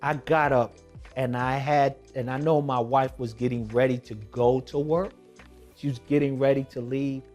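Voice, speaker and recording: A man telling a personal testimony in a vlog, moving from hushed tones to emphatic shouting. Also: mid-range voice, fairly even intonation, normal speed, soft background music. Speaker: documentary vlogger.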